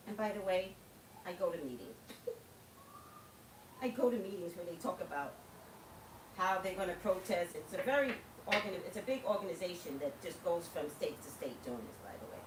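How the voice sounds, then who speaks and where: A woman's voice: on the low side, very animated, moderate pace, echoey room, recorded from a distance, background noise. A woman hosting a livestream, talking casually and passionately to her viewers, laughing often. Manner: impassioned, preachy, laughs often. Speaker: livestream host.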